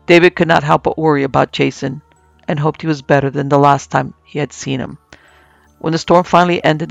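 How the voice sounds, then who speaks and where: A man narrating a scripted horror story in a slow, measured way as podcast host. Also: a little high, creaky, dry recording.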